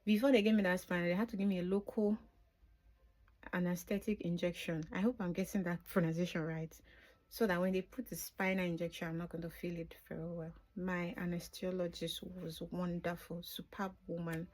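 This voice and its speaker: In an unscripted vlog, a middle-aged woman shares the story of giving birth, her delivery flat and a little fast, her lowish voice slightly mellow. Emotion runs through it, and at tender moments she drops to a whisper.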